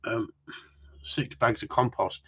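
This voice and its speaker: A man rambles and jokes to his viewers, swearing casually as he goes. His voice is husky and a little rough. The sound is dull and lo-fi. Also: mid-range voice, steady tone, slow pace, fairly bright tone. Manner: rambling, swears, jokey banter. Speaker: livestream host. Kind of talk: casual chat to a live audience.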